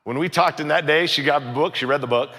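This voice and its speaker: A middle-aged man preaches in a high, gravelly, very bright voice. He tells stories with animation and jumps into raised voices for the people in them. His voice carries a long reverb from a big hall. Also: fast talker. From United States. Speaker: pastor. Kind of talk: storytelling sermon.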